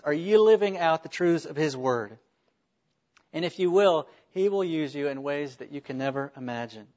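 A man's voice: on the high side, lo-fi sound. A man preaching a sermon as a pastor, earnest, with rhetorical questions and small restarts.

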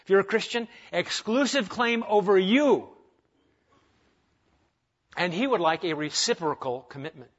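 A man's voice: high voice, animated, a little slow, long pauses, dull audio. A male pastor preaching a conversational sermon, full of rhetorical questions and humorous asides.

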